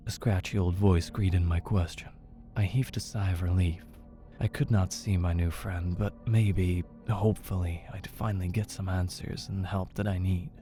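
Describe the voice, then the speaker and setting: A man narrating a horror story in a measured, low-key way. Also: steady tone, warm tone, faint music behind.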